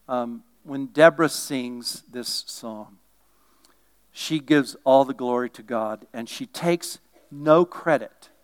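A middle-aged male pastor preaching a sermon, swinging from loud, driving bursts to quiet asides and jokes. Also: medium pitch, clear, resonant tone.

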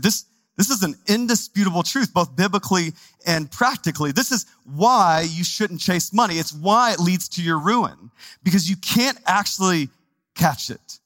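A man from Texas, a pastor preaching a sermon in a conversational, animated way, with asides to the congregation. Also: high voice, no echo. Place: church sanctuary.

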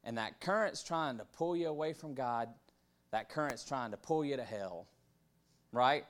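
A man putting on a solemn old-school preacher voice, slow and drawn-out in a pulpit cadence. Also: mid-range voice, expressive, natural voice. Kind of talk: mock preaching.

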